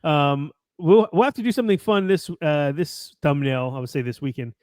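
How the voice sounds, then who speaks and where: A man's voice: fairly high pitch, moderate pace, a little mellow, no echo, clean studio sound. An American man co-hosting a casual soccer podcast, chatty and rambling, laughing often. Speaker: podcast co-host.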